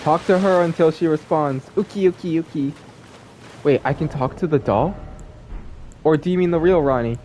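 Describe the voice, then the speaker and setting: A man streaming a game live, chatting casually and rambling in an excitable, gushing way. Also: fairly high pitch, normal speed, slight background noise.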